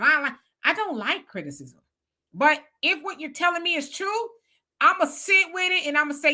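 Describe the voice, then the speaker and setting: Woman, 50s, blunt and animated talker, bright forceful voice, slightly high. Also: a little fast. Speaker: panel guest. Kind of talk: casual chat.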